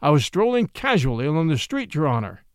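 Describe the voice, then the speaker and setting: A man's voice: a little high, big pitch swings, brisk, dry recording, studio quality. A man reading aloud and voicing a humble, earnest scholar who pleads his case on the witness stand. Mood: pleading.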